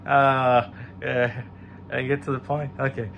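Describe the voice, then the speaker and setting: A young man doing a rambling, crude stand-up bit, halting with fillers and restarts and breaking into loud exclamations. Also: mid-range voice, little pitch movement, gravelly, a little hiss or hum. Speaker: stand-up comedian.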